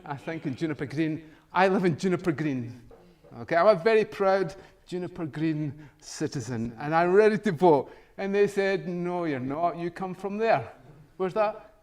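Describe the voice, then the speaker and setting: A man's voice: high-pitched, normal speed, a little mellow. A middle-aged man, a professor, giving a humorous meetup talk, chuckling often and acting out both sides of a conversation. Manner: jokey storytelling, chuckles often, acts out dialogue. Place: meetup venue room.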